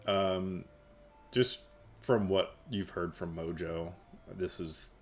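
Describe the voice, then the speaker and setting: A man's voice: low-pitched, steady tone, takes it slowly, soft background music. A man narrating as game master of a tabletop game, rambling through scenes with many fillers. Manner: rambling, filler-heavy storytelling.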